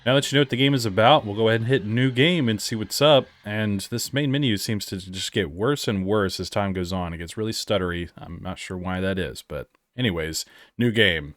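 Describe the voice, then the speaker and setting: A man's voice: lowish voice, brisk, fairly bright tone. A young man giving casual, wry commentary while playing and reviewing a video game. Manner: wry, sarcastic asides. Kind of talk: casual let's-play commentary. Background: faint game music.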